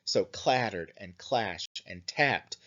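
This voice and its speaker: A man's voice: fairly low pitch, expressive, a bit bright, muffled recording. A man teaching an English class, explaining poems and song lyrics with frequent "right?" checks and fillers. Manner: slow, thinking aloud with frequent "right?" and "um"; reads lyrics and verse aloud. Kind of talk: recorded lecture.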